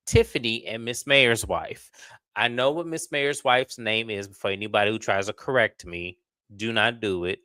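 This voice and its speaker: A man hosting a casual reality TV recap, blunt and animated, full of slang. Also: medium pitch, no echo. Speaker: reality TV review host.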